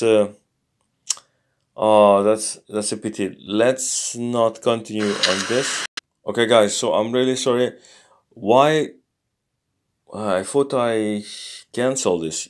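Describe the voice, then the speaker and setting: A man with a lowish voice walks through a casual lesson at a very slow, unhurried pace. He thinks aloud as he goes, halting often, and sounds out each foreign word slowly and carefully. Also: a little mellow. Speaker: language learner teaching a lesson. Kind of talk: casual screen-recorded lesson.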